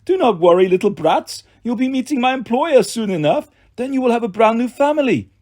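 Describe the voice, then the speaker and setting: A menacing monster posing as a schoolteacher, cold and mocking, its speech rising and falling with relish. Its threats come with a slightly husky edge, as a man reads the part aloud. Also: very high-pitched, sing-song, a little fast, darkish tone, pitched above the performer's own voice, full character voice.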